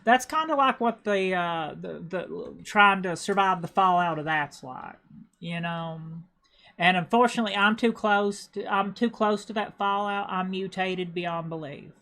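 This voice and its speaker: A woman's voice: medium pitch, measured pace, a bit bright. A woman with an Appalachian accent from Appalachia, chatting casually on a livestream as a game streamer and rambling with stammered restarts and repeated words.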